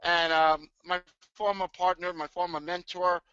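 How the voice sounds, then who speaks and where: A middle-aged man with a high, bright voice hosts a live webinar, hyped and tumbling over his own restarts. The sound is dry and close, caught on a dull, lo-fi webcam mic. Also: unhurried, clean tone, dry recording. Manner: excitable, hyped, many restarts. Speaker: trading webinar host.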